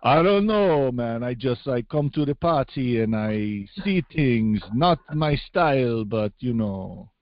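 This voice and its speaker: A man voicing an easygoing coconut oil who talks in a slow, shrugging drawl. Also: medium pitch, expressive, no echo, muffled recording. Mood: mellow. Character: laid-back easygoing coconut oil guy.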